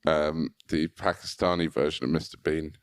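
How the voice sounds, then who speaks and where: A man co-hosting a podcast, chatting in a relaxed way with quick asides and laughs. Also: very deep voice, clear, resonant tone, no echo, studio quality. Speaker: podcast co-host. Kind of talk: casual banter.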